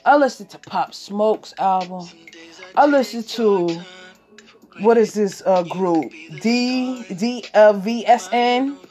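A woman's voice: mid-range voice, slow pace. Blunt, profane woman rambling over music. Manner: blunt, profane, rambling, loud rants dropping to mumbles. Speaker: music reaction vlogger. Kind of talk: casual rambling commentary.

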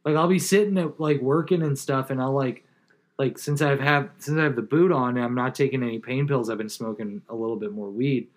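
A man's voice: medium pitch, a little fast. A man in his thirties, a podcast co-host in casual chat, rambling through stories with lots of fillers and swearing.

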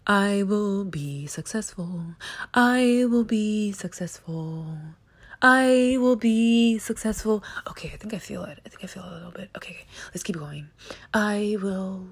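A woman voicing an earnest meditator who whispers affirmations slowly and solemnly, with a breathy, hushed voice. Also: mid-range voice, completely flat delivery. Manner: slow, solemn chanting.

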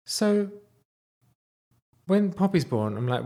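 A man in his thirties casually telling a personal story, animated, sometimes dropping to a whisper. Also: a little slow, slightly rough. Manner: animated, wide swings in pitch and loudness, drops to whispers.

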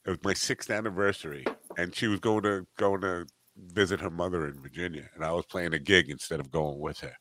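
A man's voice: sits low, steady tone, fairly quick, background noise. A man in his fifties hosting a podcast, telling rambling stories that keep breaking off, and laughing at his own tales. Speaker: podcast host. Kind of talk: casual chat, storytelling.

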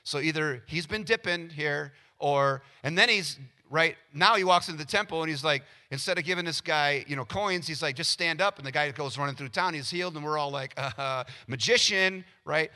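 Bright-voiced animated male preacher. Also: fairly high pitch, a little fast, few pauses. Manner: animated, acts out little scenes with quoted voices. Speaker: pastor. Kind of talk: sermon.

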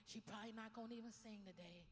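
A woman pastor preaching a lively sermon, telling stories and swinging from quiet asides to loud exclamations. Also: on the high side, quick pace, big-room sound.

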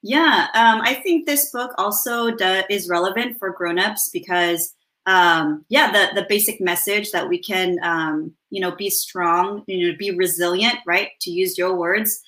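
A woman's voice: mid-range voice, unhurried, pushed and bright. A mother talking reflectively in casual chat, with many fillers and restarts. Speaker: guest mother.

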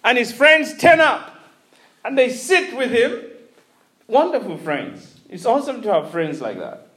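Casting: male preacher, very high voice, sermon storytelling, chuckling. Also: measured pace. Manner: animated storytelling with frequent chuckles and restarts.

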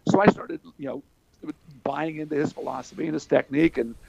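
A man's voice: a little high, steady tone, brisk, vocal fry, darkish tone, husky, dry recording, dull audio. An older man from Pennsylvania, telling stories in a folksy way with lots of fillers. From Pennsylvania, USA. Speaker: interview guest, former wrestler. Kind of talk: storytelling in casual chat.

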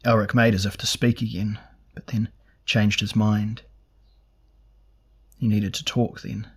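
A man narrating a fantasy novel in a measured, even storytelling manner. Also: fairly low pitch, breathy edge. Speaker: audiobook narrator.

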